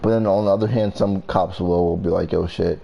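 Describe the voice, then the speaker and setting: A man's voice: deep voice, steady tone, brisk, vocal fry, warm tone, highs cut off. A young man casually telling a storytime vlog story, rambling and profane with lots of fillers. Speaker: vlogger.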